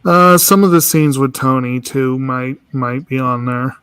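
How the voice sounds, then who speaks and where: A man on a discussion panel, talking in a thoughtful, measured way. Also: mid-range voice, a bit bright, clean tone, no room sound. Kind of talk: casual group chat.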